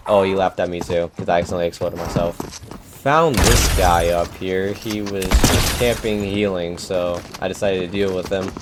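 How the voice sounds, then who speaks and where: Over blaring gunfire and game effects, a young gaming YouTuber offers easygoing, self-deprecating jokes about his own clips. His voice is low-pitched and steady in tone, at a moderate pace, and the recording is very noisy.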